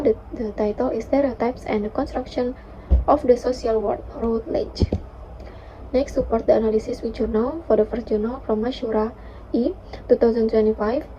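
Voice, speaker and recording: A young woman reads her class presentation slowly and with care, often restarting her words and filling pauses. Her voice sits a little high but sounds dark and mellow. The recording is dull and lo-fi, with a faint hiss behind her. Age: young adult. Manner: careful, halting reading with restarts and fillers. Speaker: student presenter.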